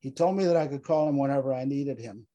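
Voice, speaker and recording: A man's voice: medium pitch, fast, dark tone, muffled recording, lightly acted. A man voicing a haunted male veteran platoon leader who pleads, grieves and snaps in anger. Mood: exasperated. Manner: pleading, exasperated, grief-stricken.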